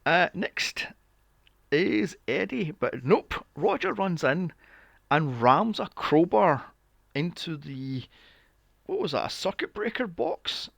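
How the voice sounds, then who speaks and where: A man's voice: fairly high pitch, lively intonation, slow pace, creaky, dry recording. A young man recapping a film on a podcast, sarcastic and swearing freely with mocking asides. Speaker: podcast co-host. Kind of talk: casual movie recap chat.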